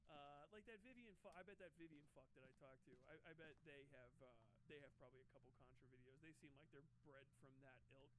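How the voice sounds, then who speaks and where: A man with a high-pitched voice talks on his live stream in a loose, rambling way. He swears freely and keeps restarting his sentences as he works through his point. There is a faint hiss in the background. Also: quick pace, few pauses. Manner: profane, rambling, many restarts. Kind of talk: casual rambling commentary.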